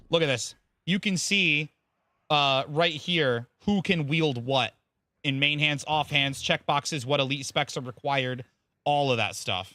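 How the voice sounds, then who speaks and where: A man's voice: medium pitch, a little slow, sharp tone. A man streaming a game, rambling casually, explaining the game and thanking viewers by name with the odd curse. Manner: casual swearing. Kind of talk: casual live-stream chat.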